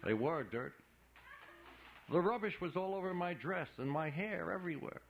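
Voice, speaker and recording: A man voicing a fastidious woman who speaks in a prim, complaining way. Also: a little high, lively intonation, creaky, muffled recording, slight background noise, pitched above the performer's own voice. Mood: fussy.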